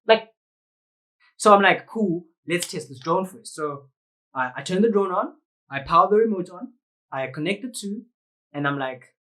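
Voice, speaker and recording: A man's voice: fairly high pitch, poor audio. A man with a South African accent, a vlogger animatedly telling a story to the camera, full of slang and sound effects. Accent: South African English. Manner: lively, slangy, uses sound effects and quoted voices.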